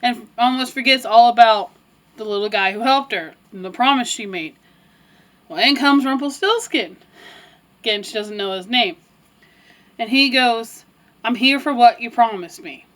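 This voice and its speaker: A woman's voice: a little high, normal speed, pauses often, fairly bright tone, low-quality recording. A woman casually retelling a fairy tale as a teacher, with chatty asides and laughter. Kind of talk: casual storytelling with puppets.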